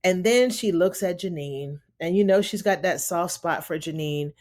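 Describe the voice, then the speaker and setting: A woman's voice: fairly low pitch, normal speed, a little mellow. A woman casually recapping a TV episode, telling the story in a loose, conversational way and acting out the characters' lines. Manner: loose, conversational with frequent "you know" and "honey". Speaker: TV recap host.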